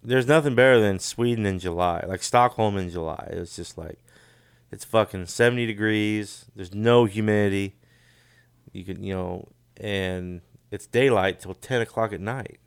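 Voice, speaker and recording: Low gravelly middle-aged man chatting. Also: normal speed, no room sound, studio quality. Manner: relaxed, chuckles often, trails off into mumbles. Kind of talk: casual chat.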